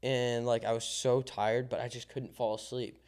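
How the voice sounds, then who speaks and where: Young male podcast co-host, smooth clear voice, animated storyteller who acts out the dialogue. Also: mid-range voice, moderate pace. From Southern Illinois. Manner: animated storyteller, acts out quoted dialogue, many ums and likes. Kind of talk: casual chat.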